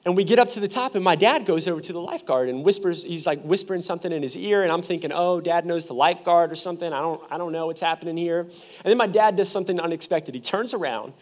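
High-voiced young man preaching with humor. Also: fast talker. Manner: animated, humorous, conversational preaching. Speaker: pastor. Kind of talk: sermon with personal storytelling.

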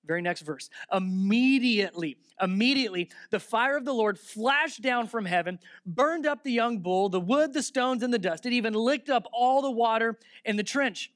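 A man preaching a sermon, reading Bible verses aloud and retelling them with lively asides, switching from loud sarcasm to hushed reverence. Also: very high voice, moderate pace, few pauses, no echo, studio quality. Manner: talks aside to the listeners between verses.

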